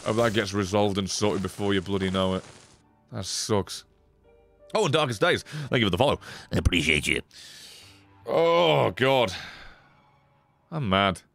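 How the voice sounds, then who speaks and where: A man's voice: on the low side, moderate pace, creaky, long pauses. A man commentating casually on a video game, joking and swearing a lot. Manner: swears a lot, jokey and excitable. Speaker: streamer. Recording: game music behind.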